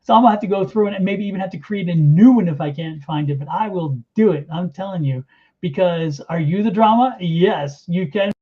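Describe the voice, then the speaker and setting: A man with a notably high voice chats casually as co-host of a tarot live stream. He talks haltingly, starting over and filling gaps. The audio is dull and lo-fi. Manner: halting, with fillers and restarts. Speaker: tarot reader, co-host and author.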